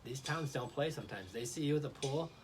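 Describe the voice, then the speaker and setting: A man's voice: mid-range voice, lively intonation, a little fast. A man in his thirties co-hosting a live Q&A, telling stories in an earnest, chatty way. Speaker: co-host. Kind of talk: casual live Q&A chat. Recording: faint background noise.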